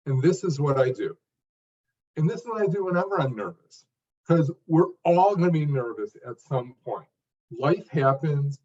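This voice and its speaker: A man's voice: medium pitch, mellow, far from the mic, highs cut off. A man giving an interview answer as a speech coach, talking in short emphasized phrases with frequent restarts.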